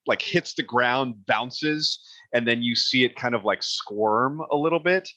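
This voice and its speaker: Bright-voiced man running a tabletop game. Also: medium pitch, no echo. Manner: casual and halting, many fillers and restarts. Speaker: game master.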